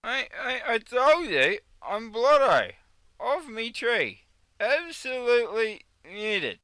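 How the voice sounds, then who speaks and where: A man's voice: very high-pitched, sing-song, slow, pushed and bright, clear, resonant tone, no room sound, exaggerated voice. A man doing a slurring drunk Aussie mate. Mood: sheepish. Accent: Australian. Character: drunk male Aussie mate refusing another beer.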